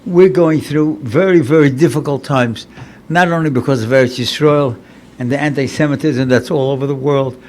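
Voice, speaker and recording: Speaking at a moderate pace, this 70-something rabbi's mid-range voice sounds a little mellow, and there's a slight hiss or hum. Still recovering from paralysis, with slightly impaired speech, he lectures earnestly and conversationally in an inspirational sermon, repeating phrases to stress them.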